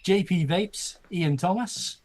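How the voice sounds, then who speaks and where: A man with a slightly high voice co-hosts a casual livestream. He works through a long list of names at a steady clip. He drops the odd wry aside while he reads. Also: slow pace. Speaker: co-host reading out chat.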